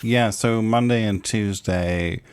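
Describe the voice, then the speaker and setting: A man's voice: fairly low pitch, takes it slowly, smooth. A middle-aged man co-hosting a parenting podcast, talking in an earnest, reflective way and laughing easily. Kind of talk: casual chat.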